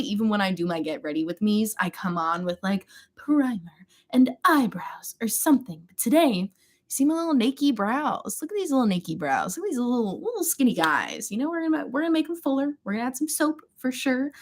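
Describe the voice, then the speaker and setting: A young woman chatting casually with viewers while doing her makeup on a livestream, rambling and greeting people by name. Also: fairly high pitch. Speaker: beauty livestream host.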